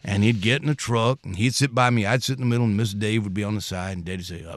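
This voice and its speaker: Folksy musician telling stories. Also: male voice, on the low side, rapid-fire, hardly any pauses, dry recording. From Mississippi, US. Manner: rambling, folksy, anecdotal. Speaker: musician guest. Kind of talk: storytelling interview.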